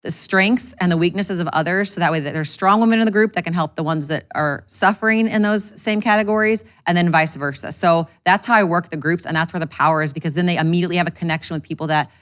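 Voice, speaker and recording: Woman, interview guest, rapid talk, lowish voice, blunt and casual, swears. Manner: fast, candid, swears freely. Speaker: interview guest, business owner.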